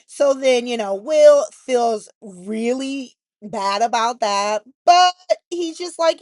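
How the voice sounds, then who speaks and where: A woman's voice: a little high, expressive, measured pace, dry recording. Sassy woman recapping in a dry room. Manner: blunt, sassy commentary with frequent "like". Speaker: soap opera recap host. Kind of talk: casual opinionated recap.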